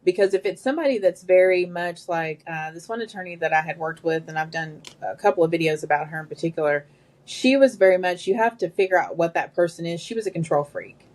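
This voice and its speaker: A woman's voice: on the low side, fast talker. A woman guest telling work stories in casual conversation, quoting the people involved as she goes. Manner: animated, quotes people in their own voices. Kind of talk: conversational storytelling.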